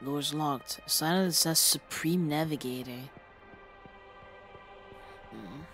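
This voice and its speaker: Streamer reading a story game out loud, chill and casual, a little music underneath. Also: medium pitch, slow pace. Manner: casual, reads game text aloud and reacts. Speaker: let's play streamer. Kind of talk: game playthrough with reading aloud.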